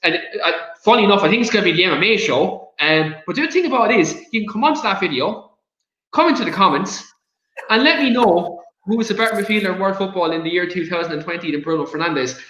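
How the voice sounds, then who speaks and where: A man's voice: sits high, lively intonation, quick pace, pushed and bright, reverberant, lo-fi sound. An Irish man hosting a casual football chat show, who rants with passion and breaks into giggles. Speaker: podcast host.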